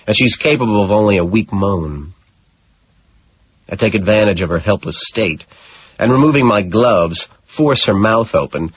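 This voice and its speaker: A male audiobook narrator with a husky, low-set voice reads in scripted narration. His delivery is slow and matter-of-fact, though his pitch moves a lot. The sound is dull and lo-fi. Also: dry recording.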